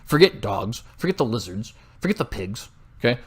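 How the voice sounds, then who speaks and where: A man's voice: mid-range voice, sing-song, normal speed, husky. A young American man hosting a political commentary show, delivering a heated, sarcastic monologue with frequent "right?" tags. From United States. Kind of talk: opinionated monologue.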